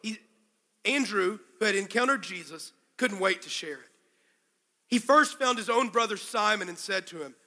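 A male pastor preaching a sermon to a congregation, telling the story with animated, acted-out quotes. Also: sits high, normal speed, in a large hall. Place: large room with a congregation.

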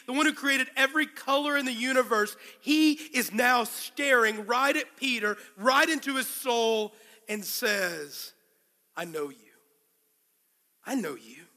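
A male pastor preaching a sermon to a congregation, telling the story with animated, acted-out quotes. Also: extremely high pitch, long reverb tail. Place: large room with a congregation.

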